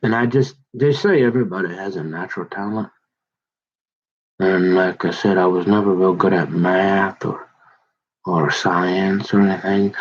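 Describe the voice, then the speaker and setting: Middle-aged man, low-voiced, rambling folksy monologue, dull lo-fi sound. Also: a little hiss or hum. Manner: rambling, folksy, repeats words and restarts.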